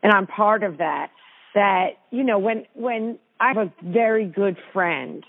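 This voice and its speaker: A woman's voice: mid-range voice, unhurried, gravelly. Chatty woman host, tinny radio sound. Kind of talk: casual radio chat.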